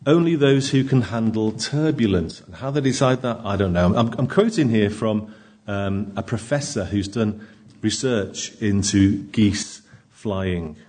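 A man's voice: fairly low pitch, unhurried, a little mellow. A man preaching a conversational sermon in a church, asking his congregation frequent rhetorical questions. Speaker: pastor.

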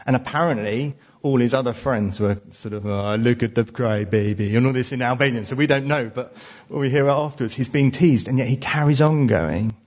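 Husky-voiced man in his forties preaching. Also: medium pitch, fairly quick, hardly any pauses, a little mellow. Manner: conversational, frequent restarts and "uh" fillers. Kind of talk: sermon with personal stories.

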